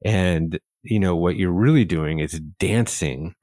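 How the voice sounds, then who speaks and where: A man hosting a podcast interview, telling stories in an animated, self-deprecating way. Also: low voice, measured pace, no echo, clean studio sound. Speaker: podcast host. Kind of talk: conversational interview.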